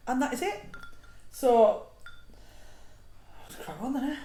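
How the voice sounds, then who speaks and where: A woman's voice: high voice, very animated, slow, long pauses, dark tone. A woman hosting a casual home cooking vlog, chatty and self-mocking with frequent giggles. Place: home kitchen. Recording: echoey room, noisy background.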